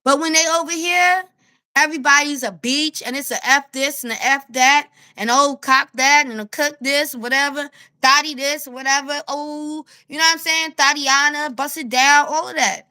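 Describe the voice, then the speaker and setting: A woman with a New York accent ranting to camera as a street vlogger, animated and blunt, laughing as she tells her story. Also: sits high, normal speed. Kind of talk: casual rant to camera.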